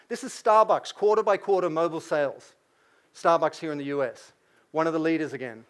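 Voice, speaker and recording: Lively Australian man giving a keynote. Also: fairly high pitch. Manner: lively, asks the audience questions, acts out quotes. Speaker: keynote speaker. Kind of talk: business keynote lecture.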